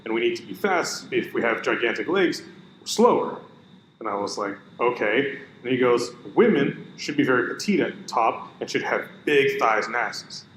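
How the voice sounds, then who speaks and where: A man co-hosting a casual podcast, telling an animated story and quoting his buddy. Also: mid-range voice, normal speed. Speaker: podcast co-host. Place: gym room. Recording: echoey room with faint noise.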